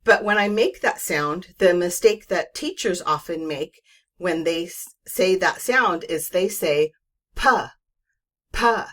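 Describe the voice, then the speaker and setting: A woman's voice: lowish voice, unhurried. A woman teaching reading in a patient, reassuring way, explaining sounds step by step and demonstrating them. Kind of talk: instructional video lesson.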